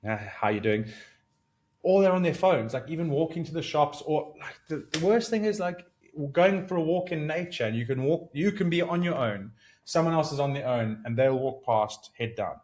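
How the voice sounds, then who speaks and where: Man, thirties, solo podcast host, earnest, thinking aloud, restarts, bursts of excitement. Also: fairly high pitch, moderate pace. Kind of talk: solo reflective podcast monologue.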